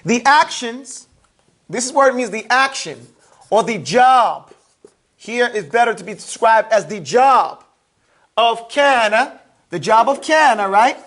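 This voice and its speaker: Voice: medium pitch, animated, unhurried, a bit bright. A teacher giving a classroom grammar lesson, prompting students to repeat words and explaining with everyday examples. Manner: call-and-response prompting, plain everyday examples.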